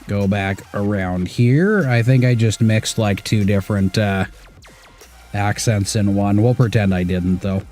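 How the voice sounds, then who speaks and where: A man's voice: fairly low pitch, steady tone, measured pace, darkish tone, faint music behind. A man in his thirties from Washington State, casually talking through an off-road driving game, muttering to himself and swearing now and then. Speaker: gaming streamer. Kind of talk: casual gameplay commentary.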